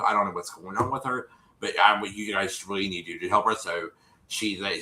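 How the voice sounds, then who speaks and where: Bright-voiced man recapping a show. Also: fairly low pitch, roomy sound, slight background noise, rough recording. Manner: rambling, restarts often, acts out quotes. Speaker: co-host recapping a TV episode. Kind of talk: casual livestream recap.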